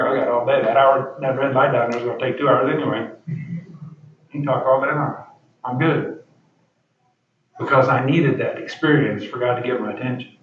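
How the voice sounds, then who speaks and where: A middle-aged man preaching a sermon in a folksy, plain-spoken way that rises to loud, emphatic peaks. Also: mid-range voice. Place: church sanctuary. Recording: dull roomy recording from far off.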